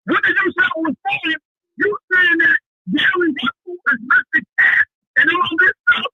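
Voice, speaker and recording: A man calling into a debate show, loud and talking over the host. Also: extremely high pitch, a little slow, dry recording, lo-fi sound. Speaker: caller. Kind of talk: heated phone argument.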